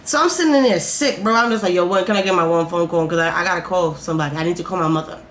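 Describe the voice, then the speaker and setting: Woman telling a profane story, roomy echo. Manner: animated, profane storytelling that swings between loud outbursts and low, slow musing. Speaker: vlogger. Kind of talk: storytime vlog. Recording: roomy echo, faint background noise.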